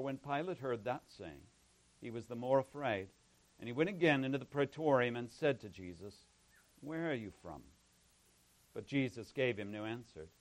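A male pastor reading a scripture passage aloud in a measured, solemn way, then praying and beginning his sermon. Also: medium pitch, poor audio.

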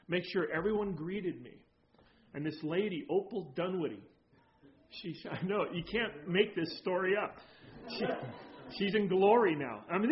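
A man's voice: high voice, dull audio. A man preaching a sermon, telling a story from his own early ministry before building to emphatic preaching. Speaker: pastor.

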